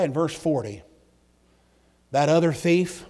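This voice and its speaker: A middle-aged man, a preacher telling folksy stories in a sermon, swinging between loud outbursts and hushed, near-whispered passages. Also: mid-range voice, moderate pace, gravelly, long pauses, husky. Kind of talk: storytelling sermon.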